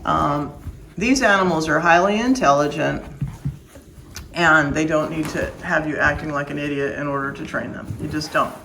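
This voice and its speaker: Woman dog breeder, lowish voice, firm and emphatic, casual vlog, faint room noise behind. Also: moderate pace, vocal fry, a bit bright, low-quality recording. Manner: firm, plain-spoken, emphatic.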